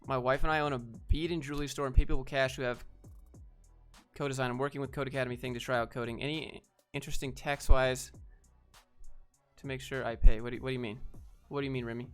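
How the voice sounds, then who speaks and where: Laid-back deadpan man streaming. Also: mid-range voice, fast talker, clean tone, soft background music. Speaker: streamer answering chat. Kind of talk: casual livestream chat.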